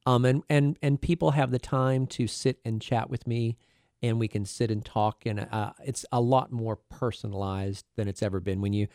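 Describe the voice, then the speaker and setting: A middle-aged man talks as a radio guest about his work. He fills his speech with ums and restarts. His voice sits at an ordinary pitch, and the studio sound is dry and close. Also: steady tone, darkish tone, smooth, no echo. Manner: halting, many fillers and restarts. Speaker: cardiologist guest. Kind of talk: radio interview.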